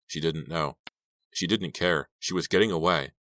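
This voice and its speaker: A man narrating an audiobook in an even, steady storytelling voice. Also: deep voice, moderate pace, dry recording.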